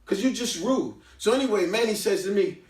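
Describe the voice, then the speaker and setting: A lively man spins a casual story in a high, swooping voice, stopping for emphatic lectures. He is recorded from a distance in an echoing room. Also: brisk, slight background noise. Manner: animated, emphatic, preachy asides. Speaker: book review host. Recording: roomy, from a distance.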